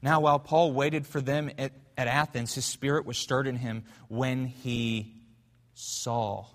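A man preaching a sermon as pastor in a church, telling a story fervently, swinging between loud and hushed. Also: mid-range voice, steady tone, unhurried, long reverb tail. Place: church sanctuary.

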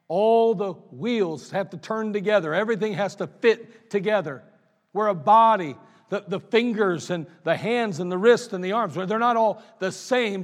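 High-voiced pastor preaching in an echoing church. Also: male voice. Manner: emphatic, repeats phrases for effect, folksy storytelling. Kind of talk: preaching a sermon. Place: church sanctuary. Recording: reverberant church hall.

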